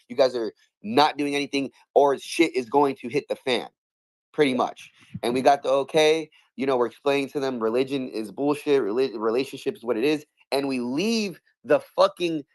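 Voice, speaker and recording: A man telling a long story in casual chat, swearing a lot, stumbling over restarts and acting out what others said. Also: medium pitch. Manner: animated, profane, many restarts, acts out quotes.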